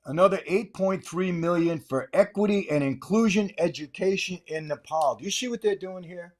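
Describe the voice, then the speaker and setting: An older American man hosts a podcast in a high-pitched voice at normal speed. Aggravated, he delivers an angry, insulting political rant, repeating himself for emphasis.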